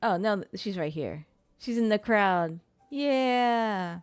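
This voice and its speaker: A woman's voice: medium pitch, lively intonation, slow, clean tone, no room sound, soft background music. A young adult woman streamer chatting casually and swearing while playing and narrating a game. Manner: chatty, swearing, laughing at her own struggles. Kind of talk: casual gameplay commentary. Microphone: streaming mic.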